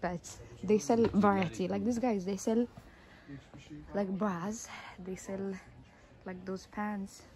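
A woman's voice: mid-range voice, fairly even intonation, slow pace. A woman casually vlogging while walking through an outdoor street market, talking to a handheld camera with lots of "like" fillers. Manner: chatty, many "like" fillers. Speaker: vlogger showing shops. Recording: phone vlog with loud street noise. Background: street ambience and traffic.

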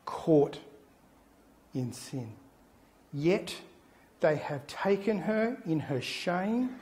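Middle-aged man, pastor, sermon delivery, animated storyteller, voice sits a little high. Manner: animated storytelling, acting out the people in his anecdote. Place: church.

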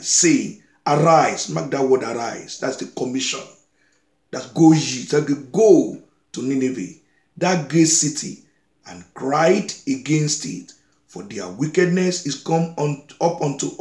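A man's voice: medium pitch, darkish tone, reverberant. A man preaching a sermon, reading scripture aloud and exhorting his listeners with repeated phrases.

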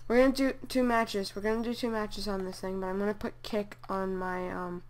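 A woman giving casual gameplay commentary, excitable, exclaiming and grumbling at opponents as she plays. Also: medium pitch, a little fast, slight background noise.

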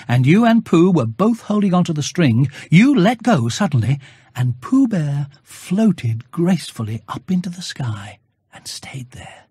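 An audiobook reader narrating a children's storybook aloud, gently, with hushed asides. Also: medium pitch, slightly rough, no echo, studio quality.

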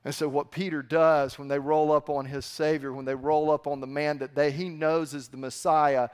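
A man preaching from the pulpit, retelling the story in a lively, conversational way. His voice sits somewhat high for a man, and he speaks with storytelling energy. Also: normal speed, clear, resonant tone. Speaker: pastor. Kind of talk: sermon.

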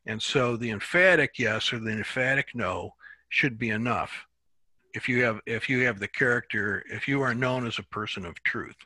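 This dry recording features a medium-pitched man leading a Bible class. His delivery is easygoing but halting, with words frequently repeated as he gathers his thoughts.

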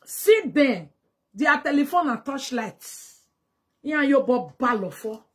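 A woman with a Nigerian accent delivering a mocking, scolding monologue to camera, slipping into Pidgin and breaking into loud exclamations. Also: high-pitched, expressive, takes it slowly, breathy edge. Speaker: vlogger. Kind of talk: casual direct-to-camera monologue.

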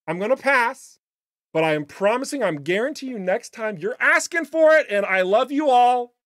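A game studio host chatting casually on a livestream, playful and upbeat with jokey asides. The voice is a little raspy today. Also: mid-range voice, animated, normal speed, no echo. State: slightly raspy voice.

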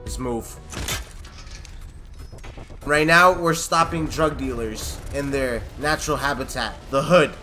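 A man doing loud, jokey gameplay commentary, yelling, swearing and acting scared, with game music underneath. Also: mid-range voice, slow pace, pauses often. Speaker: gaming YouTuber playing a shooter campaign.

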